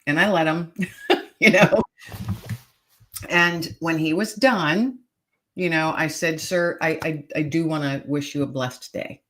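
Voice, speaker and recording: A woman's voice: low-pitched, takes it slowly, long pauses, a bit bright. Middle-aged woman guest, earnest and emphatic, relating a personal story in an interview. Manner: earnest, emphatic, repeats key phrases. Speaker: podcast guest, author. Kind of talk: heartfelt storytelling in conversation.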